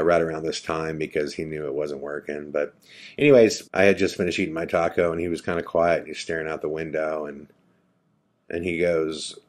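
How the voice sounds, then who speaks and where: A podcast host, a man, slowly and quietly retelling a heartfelt conversation, quoting both sides. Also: low-pitched. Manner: slow, quiet, reflective retelling with quoted dialogue. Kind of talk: emotional personal storytelling.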